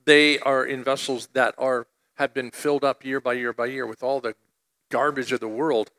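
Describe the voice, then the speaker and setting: A man's voice: mid-range voice, fairly even intonation, moderate pace, a bit bright. A middle-aged man preaching a conversational sermon as a pastor, mixing scripture with personal stories.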